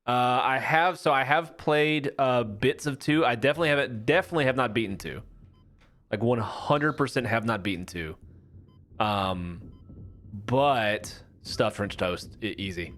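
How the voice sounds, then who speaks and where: A man's voice: medium pitch, measured pace, fairly bright tone. A chatty young man streaming a game, rambling on and joking about himself as he plays. His voice sits mid-range, with a faint hum of room sound behind it. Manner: rambling, chatty, self-mocking. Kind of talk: casual gameplay commentary.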